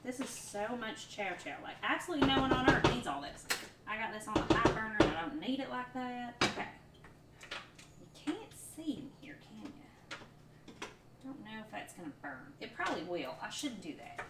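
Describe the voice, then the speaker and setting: A rambling, giggly woman talks with her viewers while she cooks at home. Her voice sits a little high, and loud noise runs under it the whole time. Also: very animated, moderate pace. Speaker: cooking livestreamer. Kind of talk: casual cooking livestream chat. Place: home kitchen.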